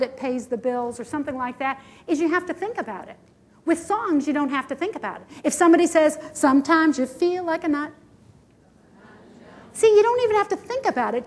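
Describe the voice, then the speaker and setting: Middle-aged female health speaker, high pitch, animated and self-mocking conference storyteller. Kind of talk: conference presentation. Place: conference hall.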